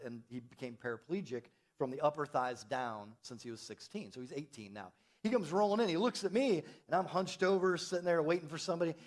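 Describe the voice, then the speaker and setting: A middle-aged man, a pastor, telling a story in a sermon and acting out the dialogue with big jumps in his voice. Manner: animated, acts out dialogue with big pitch jumps. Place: church.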